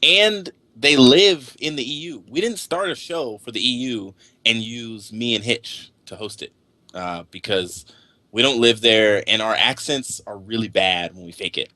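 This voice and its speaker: A man's voice: medium pitch, a little slow, bright, forceful tone, no echo. A man hosting a casual gaming podcast, upbeat and chatty. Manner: upbeat, plugging sponsors. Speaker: host.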